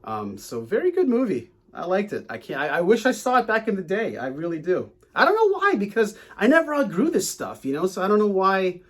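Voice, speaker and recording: A man's voice: high-pitched, wildly swooping pitch, a little fast, hardly any pauses, a bit bright. A man in his late thirties co-hosting a casual movie reaction chat, easygoing and enthusiastic. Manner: enthusiastic, easygoing fan talk. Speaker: co-host.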